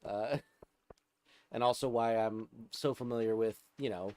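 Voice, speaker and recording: A man's voice: on the low side, steady tone, slow, darkish tone. A man giving casual, rambling commentary while playing a video game, often restarting his sentences as he chats with his viewers. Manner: chatty, rambling, frequent restarts. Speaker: gaming streamer. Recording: game music playing behind.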